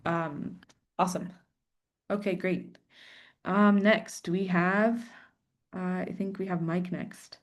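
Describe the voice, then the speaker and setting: A woman's voice: fairly low pitch, fairly even intonation, takes it slowly, pauses often, dull audio. A woman leads an online Arabic grammar class, explaining points patiently. She keeps encouraging her students with short words of approval. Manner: encouraging, explains patiently with frequent "yeah" and "good".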